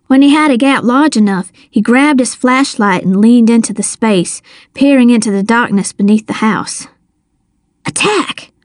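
A woman reading a first-person children's adventure story aloud, measured and suspenseful, on a close mic. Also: a little high, dry recording. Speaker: audiobook narrator.

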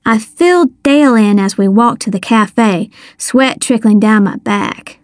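Slow, wry woman narrating a storybook. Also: on the high side, a little mellow, no room sound, clean studio sound. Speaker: audiobook narrator. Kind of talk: first-person storybook narration.

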